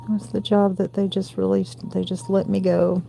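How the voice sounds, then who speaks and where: A woman in her forties with a gravelly voice and a Southern US accent, hosting a late-night crochet livestream from home and counting stitches aloud between chatty asides. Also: mid-range voice, level tone, moderate pace. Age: 40s. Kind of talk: casual crochet tutorial chat.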